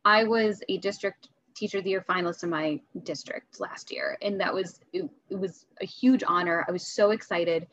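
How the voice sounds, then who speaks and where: A woman teacher talking candidly as a podcast guest, chatty and quick to laugh, often restarting her sentences. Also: on the low side, fairly bright tone, dry recording, muffled recording. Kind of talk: casual interview talk.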